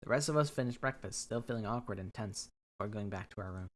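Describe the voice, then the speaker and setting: A woman's voice: extremely low pitch, fast. A woman streamer reading a game aloud and chatting in a rambling, jokey, profane way.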